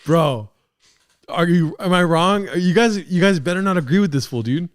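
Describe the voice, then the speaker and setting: A man's voice: high voice, moderate pace, smooth. A young man hosting a podcast, ranting casually with profane mock outrage while reacting to a clip. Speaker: podcast host.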